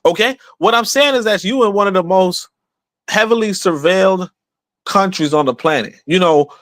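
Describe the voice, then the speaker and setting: Man, podcast host, high-pitched, animated and repetitive, dead dry room. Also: dry recording. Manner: emphatic, repetitive, conversational with rhetorical questions. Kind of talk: casual livestream talk.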